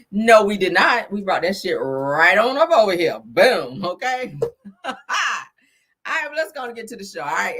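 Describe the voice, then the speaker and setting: Her voice medium-pitched, a bit bright, and slightly rough, this woman runs a live gossip stream. She's a little tipsy, chatting casually, swearing freely, and addressing viewers as honey and child.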